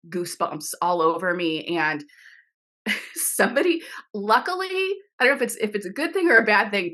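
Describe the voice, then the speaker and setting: A middle-aged woman recounts a story over a video call. She talks animatedly, laughing and restarting her sentences often. Her pitch sits in an ordinary middle range. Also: sharp tone. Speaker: author guest. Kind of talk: casual interview storytelling.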